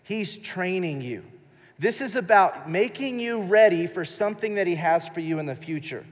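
A pastor in his thirties delivers a sermon with a slightly raised voice, telling a story in an easy, chatty way. He is recorded live in a large church, his words trailing off in a long reverb. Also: sits high. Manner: conversational storytelling with fillers. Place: church service, indoors.

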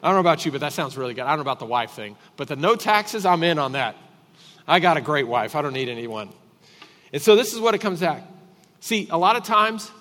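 A man preaching a sermon as pastor, emphatic and repetitive, swinging between loud and quiet. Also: sits high, long reverb tail. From Texas.

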